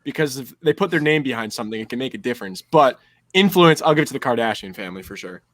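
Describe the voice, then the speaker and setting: A man's voice: medium pitch, lively intonation, fast, fairly bright tone, no room sound. A man co-hosting a casual podcast, talking in a laid-back, hedging way. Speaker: podcast co-host. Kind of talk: casual chat.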